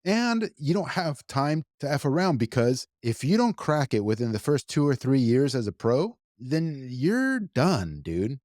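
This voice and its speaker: A man's voice: medium pitch, big pitch swings, a little slow, few pauses, a little mellow, no room sound, clean studio sound. A man co-hosting a podcast, talking emphatically, repeating his points and swearing freely. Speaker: podcast co-host. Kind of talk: casual podcast talk.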